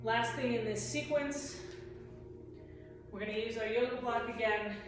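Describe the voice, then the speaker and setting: A woman fitness instructor calmly guiding a workout, counting reps and cueing breaths. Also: mid-range voice. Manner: calm counting, cues breathing. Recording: roomy echo, distant mic, music behind.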